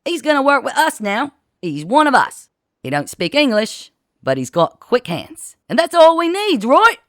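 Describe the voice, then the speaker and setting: A narrator voicing a rowdy fourteen-year-old boy who leads a gang of street urchins, loud and mocking in rough street slang. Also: high-pitched, huge pitch swings, moderate pace, pitched above the performer's own voice, heavily acted. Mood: boisterous. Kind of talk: storybook character voice.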